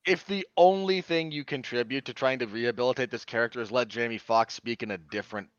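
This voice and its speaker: A man's voice: mid-range voice, fast talker, clear, resonant tone, dry recording. A man co-hosting a podcast, chatting casually with dry, wisecracking remarks. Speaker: podcast co-host. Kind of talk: casual chat. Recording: dull, dry lo-fi mic.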